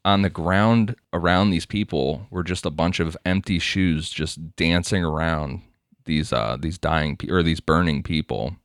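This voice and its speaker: Deep-voiced guy narrating true crime casually, dry mic. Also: a little slow, dry recording. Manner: laughing, crude, conversational narration. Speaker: podcast host.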